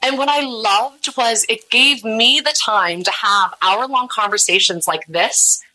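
A bright-toned woman in her thirties chats freely as an interview guest, with no filter. She acts out the people she quotes as she tells her stories. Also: on the high side, measured pace, rough recording. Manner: unfiltered, chatty, acts out quoted voices. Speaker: guest, podcast host. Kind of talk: candid conversational storytelling.

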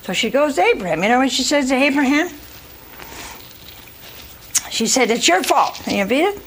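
A woman's voice: high-pitched, expressive, moderate pace, slight background noise, rough recording. A woman preaching a sermon, retelling scripture with folksy asides and acted-out voices for the congregation.

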